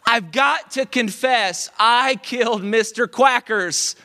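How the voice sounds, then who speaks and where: A man's voice: very high voice, slow pace, sharp tone, in a large hall, heavily acted. A man doing a stammering, guilty young boy. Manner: stammering, earnest.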